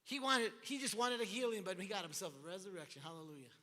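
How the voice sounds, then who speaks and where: Man, pastor, sermon, very high voice, animated, long hall reverb. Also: fast talker. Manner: animated, acts out the scripture voices. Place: large church hall.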